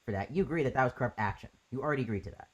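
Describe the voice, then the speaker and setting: A man hosting a livestream political debate, insistent and quick to interrupt. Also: medium pitch, expressive.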